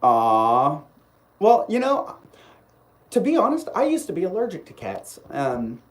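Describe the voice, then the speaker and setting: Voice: mid-range voice, a little slow. A live stream host telling a long personal story in a casual, rambling way, full of restarts, and replying to viewer comments. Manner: rambling and animated, with frequent restarts; reads viewer comments aloud and replies.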